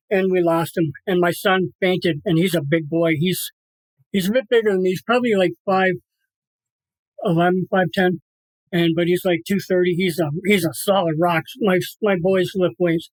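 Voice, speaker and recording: A man's voice: sits high, fairly even intonation, moderate pace, no room sound, rough recording. A middle-aged man telling an emotional personal story as an interview guest, earnest and repetitive, acting out voices. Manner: earnest, repeats himself, acts out voices in his story.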